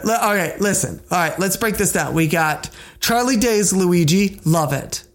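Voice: mid-range voice, animated, normal speed. An upbeat podcast co-host chatting casually about nerd news, with a mid-range voice. This co-host teases the other and pushes back playfully.

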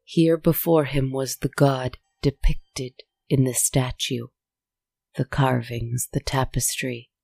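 A storyteller reading a dark tale in a slow, solemn, measured way. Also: medium pitch, level tone, vocal fry, dry recording. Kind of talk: scripted story narration.

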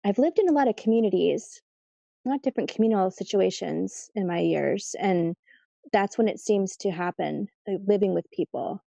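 A woman guest telling stories in a casual interview, chatty and lively when she quotes her family. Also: mid-range voice, normal speed, gravelly, no room sound. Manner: chatty, animated when quoting family, laughs easily.

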